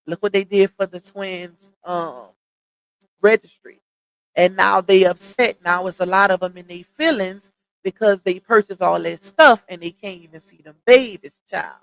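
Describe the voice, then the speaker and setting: A woman hosts a late-night livestream, gossiping and chatting casually straight to her viewers, calling them "y'all" and "child." Her voice is medium in pitch, creaky, at a moderate pace. The recording quality is low.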